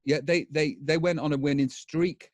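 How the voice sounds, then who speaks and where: A man's voice: a little high, steady tone, moderate pace, dry recording. Chatty, swearing English man on a call. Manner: chatty, swears freely, rambling. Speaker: guest. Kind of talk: casual chat.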